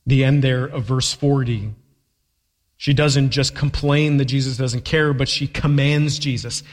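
A man's voice: medium pitch, fairly even intonation, unhurried. A man preaching a sermon as pastor, emphatic and fond of rhetorical questions, with a long echo from a large hall.

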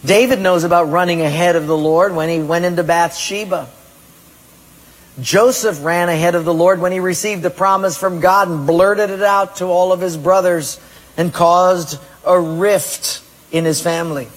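A pastor preaching to his congregation, with a husky, fairly high voice. His words ring out with long reverb in a church hall. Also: steady tone, moderate pace. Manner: questions the congregation directly, storytelling. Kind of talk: sermon.

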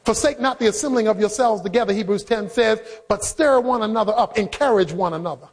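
A man preaching a sermon, emphatic and rising into shouts for emphasis. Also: sits high, fast talker. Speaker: pastor.

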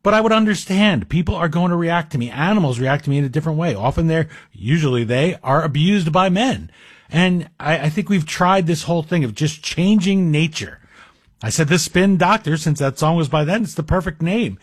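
Guy filling in on talk radio, rambling wry asides, bit high voiced, close dry mic. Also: expressive, a little fast, slightly rough, dry recording. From Greek heritage. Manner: chatty, self-deprecating, wry asides. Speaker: radio guest host. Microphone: studio microphone.

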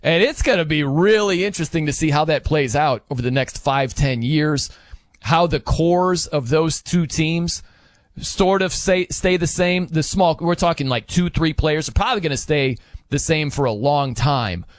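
A man's voice: fairly high pitch, normal speed, dry recording. A man hosting a casual sports talk show, talking in a chatty, conversational way. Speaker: sports podcast host.

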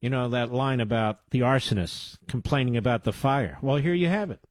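A man's voice: medium pitch, brisk, dry recording. A man hosting talk radio, combative and sarcastic, cutting into clips with insults. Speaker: radio talk show host.

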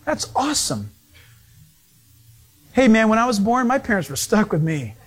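High-voiced man preaching with lively storytelling. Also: moderate pace, a little hiss or hum. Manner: animated storytelling with acted-out quotes. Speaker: pastor. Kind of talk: sermon.

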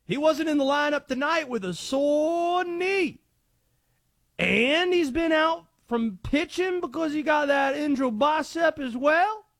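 A radio host putting on a loud, twangy Southern character who calls his accent Cajun, excitable and rambling. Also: very high-pitched, slow, dry recording, clean studio sound, voice pushed up, exaggerated voice. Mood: excited. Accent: put-on Southern, claimed Cajun. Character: Conspiracy Josh, loud twangy southern man.

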